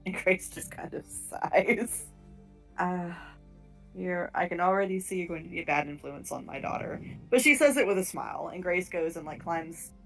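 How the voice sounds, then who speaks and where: Lower-voiced woman narrating a game. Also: normal speed, vocal fry, soft background music. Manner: casual, animated storytelling with laughs. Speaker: game master.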